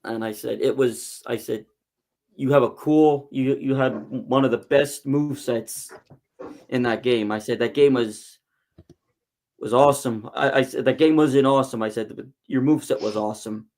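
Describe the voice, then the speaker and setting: A man's voice: mid-range voice, moderate pace, a little mellow. A man chatting on a podcast in a mid-range voice, rambling through his stories. He doubles back often and restarts his sentences as he goes. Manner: rambling storyteller with many restarts. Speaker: guest, wrestling promotion figure. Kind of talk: casual podcast chat.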